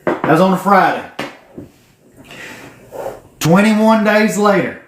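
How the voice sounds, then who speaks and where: A man's voice: high voice, expressive, takes it slowly, noisy background. A man, telling a folksy, profane story to camera. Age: 40s. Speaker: vlogger telling his business story. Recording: echoey room.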